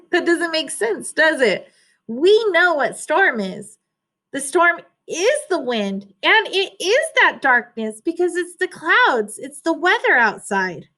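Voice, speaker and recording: A woman reading a children's storybook aloud, pausing to explain words and ask the listeners questions. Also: very high voice, big pitch swings, pushed and bright.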